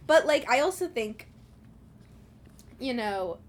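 A young woman co-hosting a podcast, talking through a book with animated, swearing, often laughing commentary. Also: a little high, takes it slowly. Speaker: podcast co-host. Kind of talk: casual chat about a book.

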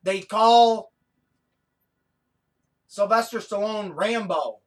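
A man chats on a podcast, swearing freely and rambling with excitement. His voice sits a little higher than most men's. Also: very slow, poor audio. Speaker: podcast co-host. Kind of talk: casual chat.

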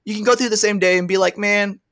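Racing along in a high, fairly bright voice with fairly even intonation, a podcast host from Texas keeps things casual. He rambles, plays around, and frequently trails off into filler words.

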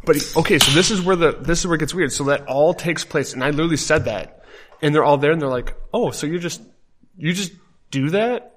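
A man's voice: on the high side, fairly quick, a little hiss or hum. A man from Wisconsin telling a story in casual podcast chat, acting out the people he quotes. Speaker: podcast co-host.

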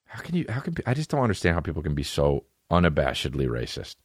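A man's voice: a bass voice, huge pitch swings, fast, husky, no room sound, clean studio sound. A man hosting a comedy podcast, ranting casually in a profane, rambling way and slipping into made-up dialogue. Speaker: podcast host.

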